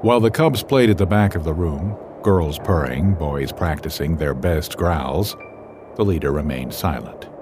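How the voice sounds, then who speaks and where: A man narrating an animal fable in a measured, expressive storytelling voice. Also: rumbling low, background noise.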